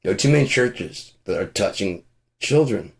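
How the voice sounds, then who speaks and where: A man with a lowish voice rants off the cuff, swearing freely as he goes. He rambles from point to point, and his tone is sarcastic and mocking. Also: animated, normal speed, background noise. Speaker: podcast host. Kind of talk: casual profane rant.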